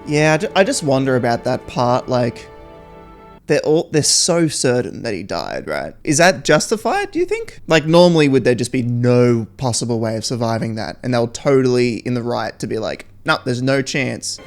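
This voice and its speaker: A young man chatting casually through a film reaction, laughing often and reacting with animated exclamations. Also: medium pitch, moderate pace, soft background music. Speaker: reaction video host. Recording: film audio playing loudly behind. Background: film soundtrack.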